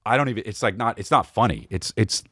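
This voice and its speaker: Male comic podcast host, lively pitch swings, dry close sound, profane storytelling. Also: fast, dry recording. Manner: animated, profane, rambling. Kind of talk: comedic storytelling.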